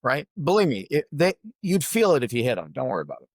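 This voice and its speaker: A man's voice: medium pitch, quick pace, no room sound. Boston man, golf coach, dry sound. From Boston area, USA. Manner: animated, explanatory. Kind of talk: podcast conversation over video call. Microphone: video call.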